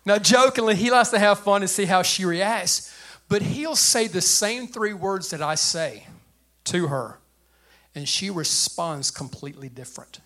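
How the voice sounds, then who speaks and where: An older man, a grandfather, preaching a sermon to his church in an animated, plain-spoken way. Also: measured pace. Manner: animated preacher with a light, high voice and plain speech. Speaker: pastor.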